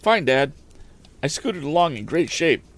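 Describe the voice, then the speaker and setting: A man's voice: fairly high pitch, unhurried, pitched above the performer's own voice, heavily acted. Man doing an eager young inventor lad. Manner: eager, excited. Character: eager young male inventor, a teenage son.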